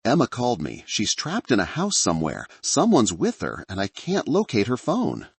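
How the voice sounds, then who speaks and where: A man's voice: mid-range voice, huge pitch swings, normal speed, vocal fry, slightly rough, no room sound, voice pushed up, full character voice. A man voicing a desperate middle-aged father who is a doctor, speaking urgently and insistently.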